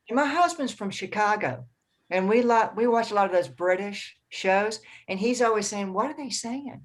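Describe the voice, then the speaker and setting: A woman with a Southern US drawl, chatting and telling stories on a book club video call. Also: mid-range voice. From American South. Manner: lively, chatty storytelling. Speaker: book club member and narrator. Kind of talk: casual video-call chat.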